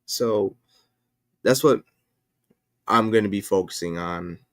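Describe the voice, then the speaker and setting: A man's voice: on the low side, takes it slowly, dry recording, clean studio sound. A man chatting casually on his livestream, rambling and often correcting himself with lots of fillers. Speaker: livestream host and comic creator.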